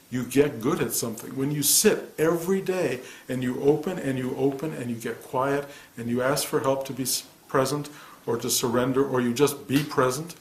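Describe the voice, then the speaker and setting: Soft-spoken man in his sixties, echoey room. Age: 60s. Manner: soft-spoken and reflective, often dropping his voice low. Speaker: meditation teacher. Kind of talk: spiritual talk answering a student.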